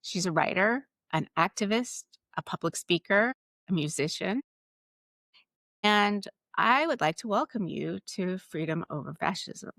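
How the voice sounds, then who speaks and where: A woman's voice: mid-range voice, animated, measured pace, creaky, a bit bright, dry recording. A woman hosting a live interview show, introducing her guest and asking questions in earnest, thoughtful phrases. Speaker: podcast host.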